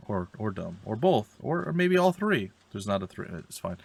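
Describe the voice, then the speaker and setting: A man's voice: lowish voice, sing-song, moderate pace, vocal fry, hardly any pauses, slightly rough. A man hosting a let's play, reading the game's text aloud and adding joking, self-mocking asides.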